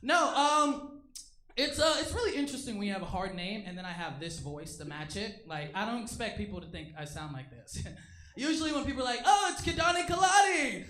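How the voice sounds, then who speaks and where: Animated young comedian with a high voice. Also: male voice. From Eritrean family. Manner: animated, self-mocking, quick mock voices. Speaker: stand-up comedian. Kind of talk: stand-up comedy set. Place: comedy club stage. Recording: echoey club room with crowd noise.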